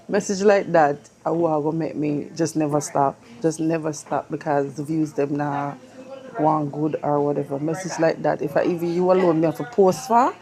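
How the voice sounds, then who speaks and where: A woman's voice: deep voice, warm tone. A young woman talking to her phone camera in a dentist's waiting room, emotional and slipping into patois. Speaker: vlogger. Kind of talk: casual vlog chat.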